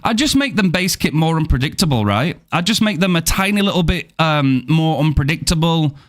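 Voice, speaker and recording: A man's voice: a little high, lively intonation, fairly quick. A young British man streaming a horror game, chatting playfully with viewers and swearing freely. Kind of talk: casual live-stream chat with viewers.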